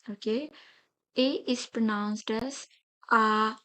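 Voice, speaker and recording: A woman teaching beginners, speaking slowly and deliberately as she pronounces each letter. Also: mid-range voice, steady tone, fairly bright tone, low-quality recording. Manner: slow, deliberate letter-by-letter pronunciation. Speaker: French teacher. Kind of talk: beginner language lesson.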